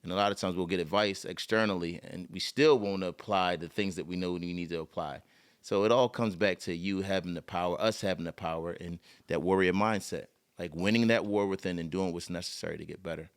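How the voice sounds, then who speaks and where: Deep-voiced man talking earnestly. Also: steady tone, fairly quick, clean tone. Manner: earnest, motivational. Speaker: podcast guest. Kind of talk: casual motivational chat.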